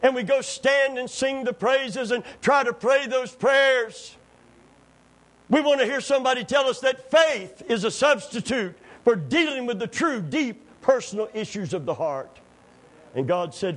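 A man preaching a sermon, telling stories and jokes, swinging between hushed moments and near-shouting fervor. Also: very high voice, expressive, measured pace, poor audio. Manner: impassioned, rising to near-shouts, folksy storytelling with jokes.

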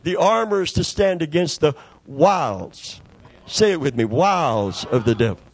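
A man's voice: fairly high pitch, lively intonation, normal speed, slightly rough. A middle-aged man preaching a sermon in a folksy, conversational storytelling way, repeating words for emphasis. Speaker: pastor.

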